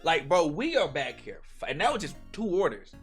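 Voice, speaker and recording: A young man telling a casual storytime to his viewers, slangy and animated, talking straight to the audience. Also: a little high, a little fast, faint music behind. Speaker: storytime vlogger.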